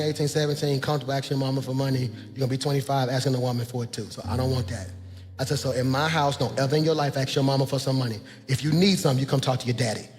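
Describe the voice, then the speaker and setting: Man, 40s, pastor preaching, soft to shouting, echoing church hall. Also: fairly high pitch. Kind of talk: sermon. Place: church sanctuary. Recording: long hall reverb, faint music.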